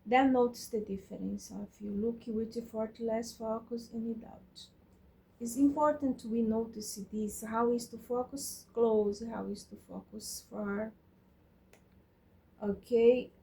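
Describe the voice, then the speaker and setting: Slow halting woman explaining eye exercises. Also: a little high, fairly even intonation, gravelly, mellow. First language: Portuguese. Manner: halting, searching for words, repeats herself. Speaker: teacher reviewing eye exercises. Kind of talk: casual instructional talk.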